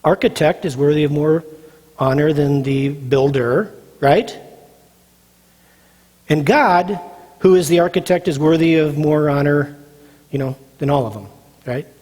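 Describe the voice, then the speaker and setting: Speaking a little slowly and pausing often, this male pastor has a higher-than-average voice with a darkish tone. His sermon is emphatic and repetitive, full of questions he puts to the congregation and then answers. The sound carries a long hall reverb.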